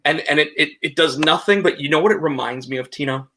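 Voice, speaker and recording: A man co-hosting a casual podcast, retelling events in a rambling, animated way with lots of restarts. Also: a little high, fast, slight background noise. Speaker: podcast co-host. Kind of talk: casual chat, recapping wrestling.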